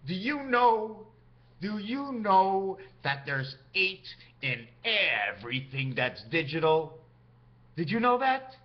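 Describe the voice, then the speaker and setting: A man's voice: high voice, sing-song, slow, dull audio. A man talking straight to camera in a rambling, free-associating monologue that jumps from topic to topic. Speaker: vlogger.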